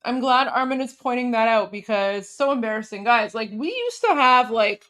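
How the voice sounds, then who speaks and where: A woman hosting a reaction stream, eating while she mockingly comments on a clip and switches between English and halting French. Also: a little high. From Canada. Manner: mocking, scornful and animated. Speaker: host.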